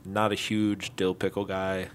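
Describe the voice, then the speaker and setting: Easygoing low-voiced man chatting. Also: completely flat delivery, measured pace, background noise. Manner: easygoing, laughs often. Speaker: podcast co-host. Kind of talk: casual chat.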